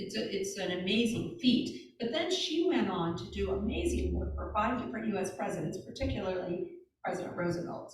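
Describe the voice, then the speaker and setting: A woman guest speaker telling stories to a church audience in a chatty way, with many asides. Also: medium pitch. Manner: chatty, warm storytelling with asides and fillers. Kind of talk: informal talk to a congregation. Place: church hall. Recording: echoey hall, speaker far from mic.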